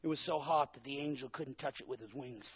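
A man preaching a Pentecostal sermon, shouting at the peaks and calling out to the congregation for answers. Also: medium pitch, brisk, breathy edge, muffled recording. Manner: preaches with rising shouts and call-and-response. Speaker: pastor.

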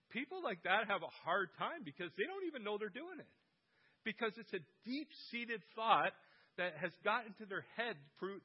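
A man's voice: high voice, breathy edge, muffled recording. Man preaching with jokes. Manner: humorous storytelling with quoted voices. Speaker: guest preacher. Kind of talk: sermon. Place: church.

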